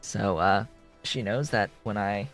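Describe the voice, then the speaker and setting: Taking it slowly, a male gameplay streamer with a fairly bright tone chats casually and rambles, thinking aloud as he goes. He addresses his cat in a high baby voice, and faint music can be heard behind him.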